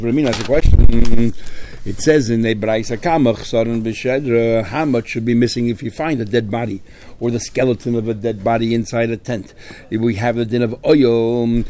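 A man at a middle pitch teaches a Talmud lesson. His voice is soft and mellow, never sharp. He explains each point step by step, mixing Aramaic and Hebrew terms into his English. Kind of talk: Talmud study lecture.

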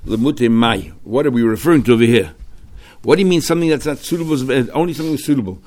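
A man of middle pitch walks through a religious text line by line. He keeps asking himself questions and answering them, jumping up in pitch and volume on the key points. He mixes Hebrew and Aramaic study terms into his English. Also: quick pace, darkish tone. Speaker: Talmud teacher. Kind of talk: explaining a religious text passage.

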